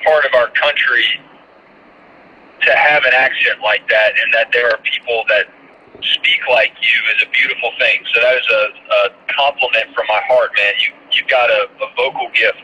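A man's voice: mid-range voice, normal speed, a little hiss or hum. A man from Georgia with a light Southern accent, talking animatedly as a broadcaster guest in a casual interview. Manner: animated, emphatic, storytelling with quoted voices. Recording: muffled lo-fi phone-like line.

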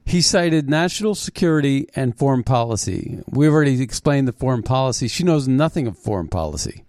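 A man hosting a political commentary show, talking in a mocking, halting way with frequent restarts. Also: medium pitch, expressive, darkish tone, dry recording, clean studio sound. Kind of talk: opinionated commentary monologue.

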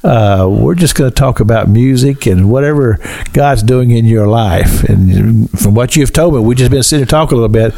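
A man with a Kentucky accent hosting a casual interview, chatty and quick to laugh, often repeating words. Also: mid-range voice, creaky, warm tone. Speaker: host.

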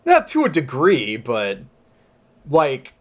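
A man's voice: mid-range voice, huge pitch swings, slow pace, muffled recording. A man in casual chat with friends, joking, rambling and laughing often.

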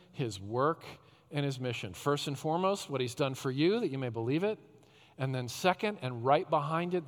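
A male pastor preaching a sermon, swinging between loud rhetorical questions and hushed, tender phrases. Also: mid-range voice. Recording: long hall reverb.

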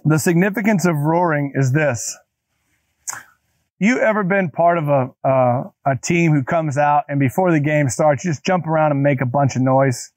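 A man's voice: on the high side, moderate pace, no echo. A man preaching a conversational sermon, talking straight to his listeners and repeating key phrases for emphasis. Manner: casual, talks directly to listeners. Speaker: pastor.

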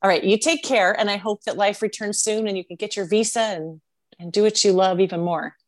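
A woman's voice: mid-range voice, steady tone, brisk. A woman hosting a podcast, talking reflectively and rambling, with many "like" fillers. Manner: reflective, rambling, heavy use of "like". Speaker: podcast host. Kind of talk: casual podcast interview.

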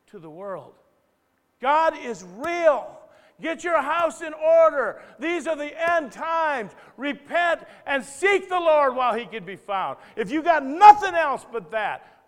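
A man preaching a live sermon as pastor, talking conversationally and then building to loud, emphatic, impassioned bursts. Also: on the high side. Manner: conversational asides, stops himself to rephrase. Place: church hall. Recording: live church recording with long reverb.

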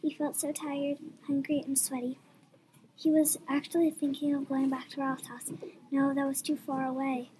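High-voiced young woman reader, lively delivery, noisy room. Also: moderate pace. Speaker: story reader. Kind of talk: reading a story aloud.

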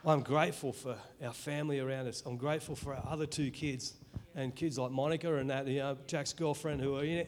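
A man's voice: on the high side, a little hiss or hum. Earnest Australian man testifying in church. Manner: earnest, emotional, halting with restarts. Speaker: church member giving testimony.

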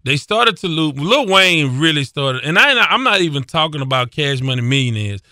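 Bright-voiced man hosting a podcast. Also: fairly high pitch, moderate pace, dry recording, studio quality. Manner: animated, self-deprecating, laughs often. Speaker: podcast host. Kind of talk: casual sports podcast chat.

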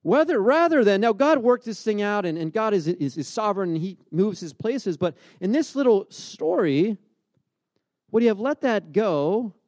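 Preaching casually through stories, this forties-aged pastor, raised by the beach, frequently starts his sentences over. His voice sits high and is expressive, with a moderate pace and a darkish tone, captured in studio quality with no echo.

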